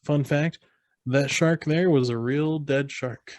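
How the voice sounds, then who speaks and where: A man's voice: a little high, takes it slowly, a little mellow, no echo. A man co-hosting a podcast, casually retelling a film scene by scene and acting out lines in raised voices. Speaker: podcast co-host. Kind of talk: casual movie recap chat.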